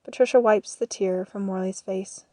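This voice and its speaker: A woman's voice: medium pitch, fairly even intonation, mellow, dry recording. Woman narrating scene directions, dry sound. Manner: measured, matter-of-fact. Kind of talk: reading scene directions in an audio drama.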